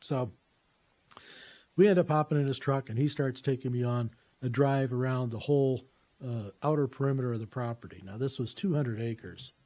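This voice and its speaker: Mellow-voiced man telling a rambling story. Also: medium pitch, normal speed. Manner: rambling, many fillers and restarts. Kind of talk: personal anecdote, casual storytelling.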